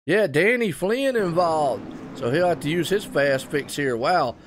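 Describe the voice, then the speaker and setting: Excitable Southern race commentator man. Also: fairly high pitch, measured pace, noisy background. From North Carolina. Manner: chatty, excitable, folksy asides to viewers. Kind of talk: live play-by-play commentary.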